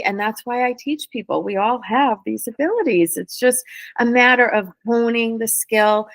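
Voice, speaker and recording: A woman, a spirit medium guest, talking casually and quickly in an interview, explaining in a lively, flowing way. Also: medium pitch, no room sound. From New England.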